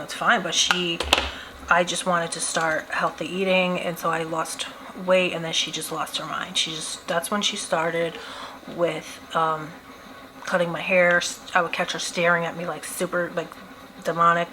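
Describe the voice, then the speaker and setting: A woman's voice: on the low side, a little hiss or hum, low-quality recording. A young woman chatting casually while doing her makeup, telling a story with lots of giggles and quoted voices. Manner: chatty, giggly, animated retelling. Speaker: beauty vlogger.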